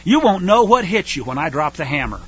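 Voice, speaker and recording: A man's voice: on the high side, big pitch swings, a little fast, fairly bright tone, husky, muffled recording, full character voice. A man voicing a boastful, menacing male invader who taunts his victims. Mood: gloating. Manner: taunting, gloating.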